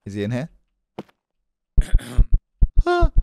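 A man with an English accent giving jokey, excitable horror gameplay commentary and talking to his viewers. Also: mid-range voice, very slow, gravelly, background noise. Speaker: gaming YouTuber.

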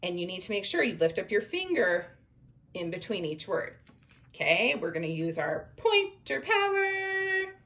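A woman teacher gives young children a reading lesson, reading a book aloud slowly and encouragingly, pointing at each word as she goes. Her voice is lowish and sing-song.

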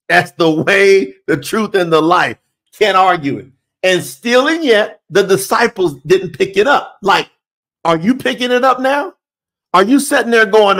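A man with a high voice preaches slowly and deliberately. He reads scripture aloud, stops to stress key words, and puts pointed questions straight to his listeners. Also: big pitch swings, a bit bright. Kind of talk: sermon.

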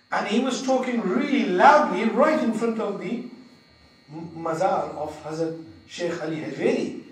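A man teaching an Islamic lesson, telling stories with lively acted-out voices. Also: high-pitched, slight background noise. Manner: animated storyteller who acts out quoted voices and laughs. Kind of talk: sermon with told anecdotes. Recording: echoey hall, voice from far off.

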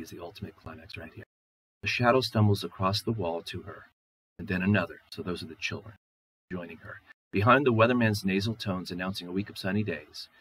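A man's voice: deep voice, a bit bright, slightly rough, rough recording. A male professor lecturing on a short story, reading passages aloud and talking in a loose, conversational way with many fillers. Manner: conversational, many "you know" and "okay" fillers. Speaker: literature professor.

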